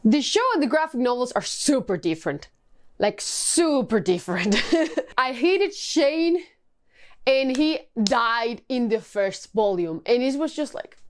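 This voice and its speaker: A young woman reviewing graphic novels in a casual vlog, animated and swearing a lot as she rants. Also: on the high side, measured pace. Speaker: book vlogger.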